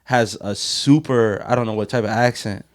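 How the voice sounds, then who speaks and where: A man's voice: on the low side, normal speed. A young man co-hosting a casual podcast, teasing and bantering in slangy talk. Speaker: podcast co-host. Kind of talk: casual chat.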